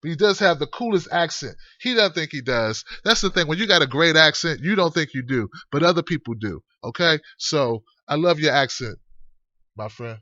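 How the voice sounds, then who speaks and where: A male livestream host with a high, sharp voice that sits dry and close. He talks in a loose, rambling way and fires off animated shout-outs. The sound is dull and lo-fi. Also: normal speed, dry recording. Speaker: host of an online talk show. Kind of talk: casual livestream chat. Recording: dull lo-fi stream audio.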